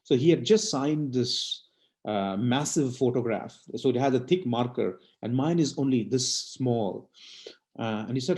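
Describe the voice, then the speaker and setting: A middle-aged man from India telling a personal devotional story at a satsang in an earnest, halting way with many fillers. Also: medium pitch, darkish tone. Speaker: satsang speaker.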